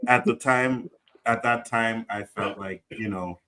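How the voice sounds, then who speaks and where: A man's voice: fairly low pitch, a little slow, pushed and bright, poor audio. Storytelling man in casual chat. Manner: storytelling, asks "right?" often. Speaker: podcast co-host.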